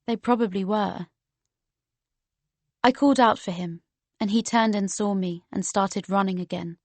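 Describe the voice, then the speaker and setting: A woman reading a first-person novel aloud as an audiobook narrator, steady and measured. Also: medium pitch, no room sound.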